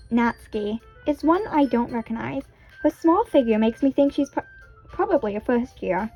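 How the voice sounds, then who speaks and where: High-voiced chatty young woman. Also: muffled recording. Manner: chatty, self-conscious, giggly asides. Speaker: gamer reading a visual novel aloud. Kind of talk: casual let's-play narration with character voices.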